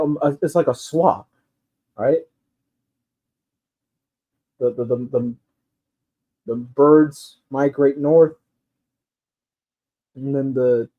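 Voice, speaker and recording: A man ranting casually in a rambling, profane way with lots of fillers, on a dull lo-fi recording. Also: mid-range voice. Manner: rambling, profane, loose delivery with frequent fillers and laughs. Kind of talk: casual rant.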